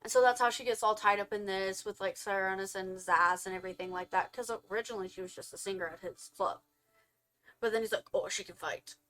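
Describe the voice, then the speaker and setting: A young woman co-hosting a casual film review, retelling the plot with animated storytelling and quick acted-out quotes of the characters. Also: medium pitch.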